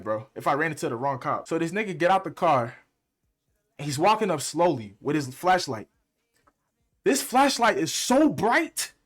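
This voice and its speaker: A young man, a music producer and streamer, telling a story in a fast, heated, slang-heavy way. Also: on the high side. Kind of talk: casual storytime.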